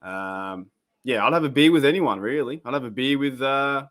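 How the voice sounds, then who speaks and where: An Australian man hosting a live sports reaction stream, chatting casually and rambling, with bursts of excitement at the plays. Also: medium pitch, normal speed.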